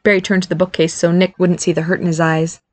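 A woman narrating a novel in an even, clear storytelling manner. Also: on the low side, quick pace, dry recording. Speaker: audiobook narrator. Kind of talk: scripted narration.

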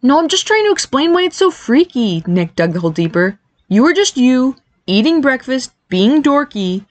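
A woman's voice: fairly high pitch, animated, moderate pace, no echo, voice pushed up, natural voice. A woman voicing a blunt, tactless teenage boy teasing his brother in a storybook reading.

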